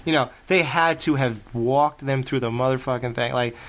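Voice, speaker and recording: A man co-hosting a casual film review podcast, swearing freely as he tells stories in an animated way. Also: mid-range voice, normal speed. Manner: profane, animated storytelling. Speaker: podcast co-host.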